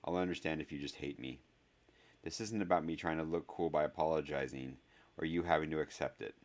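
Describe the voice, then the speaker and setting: A man's voice: rumbling low, brisk. A man voicing an intense young boy who fumbles through an apology with hesitant ums. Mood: contrite. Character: boy of about eleven, anxious, fumbling, rather intense.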